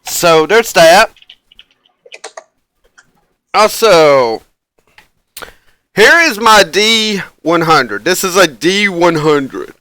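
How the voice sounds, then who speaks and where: Bright, clear-voiced male game master. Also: sits high, expressive, drawn-out words, long pauses, dry recording. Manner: rambling, chuckles often, many fillers. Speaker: game master and stream host. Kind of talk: casual chat to a live stream audience.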